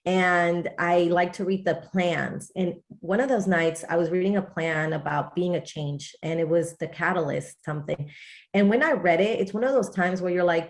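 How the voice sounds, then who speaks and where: Woman, from Texas, interview guest, wellness coach, chatty storytelling, lower voice. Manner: chatty storytelling, quotes her own thoughts. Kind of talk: casual interview chat.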